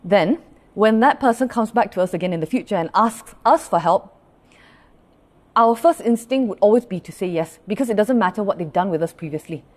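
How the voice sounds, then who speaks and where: A woman's voice: mid-range voice, lively intonation, brisk. Woman pastor giving a casual livestream talk. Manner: conversational, often checks in with "all right?"; greets online viewers by name mid-talk.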